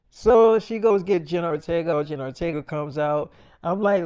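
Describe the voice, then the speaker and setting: A man with a notably high voice telling a loose freestyle story. His talk is casual and profane, and he often stumbles and repeats words as he goes. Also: measured pace, a little mellow, clean tone. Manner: profane, rambling, repeats himself.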